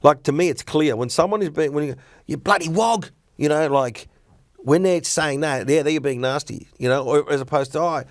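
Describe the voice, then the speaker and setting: He's a middle-aged comedian from Australia, blunt and opinionated, telling animated stories in a casual podcast conversation. The voice is a little high and a little fast, in clean studio sound with no room noise.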